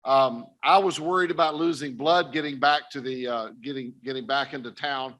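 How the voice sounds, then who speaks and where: A man's voice: medium pitch, fairly even intonation, moderate pace, fairly bright tone. An older man giving an earnest personal testimony talk to a conference audience, speaking directly to his listeners. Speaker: missionary speaker. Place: conference stage.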